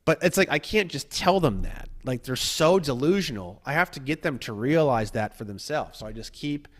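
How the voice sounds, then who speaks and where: A man's voice: mid-range voice, lively intonation, moderate pace. A man in casual podcast chat, rambling and profane, acting out the people he mocks in put-on voices. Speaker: guest.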